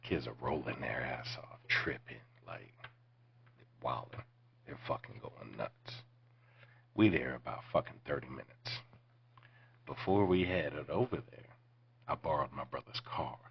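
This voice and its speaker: A man's voice: very deep voice, unhurried, gravelly, long pauses, breathy edge, highs cut off. A man in his forties hosting a podcast, telling casual, profane stories in a laid-back way and sometimes dropping to near-whispers. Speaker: podcast host. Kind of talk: casual storytelling.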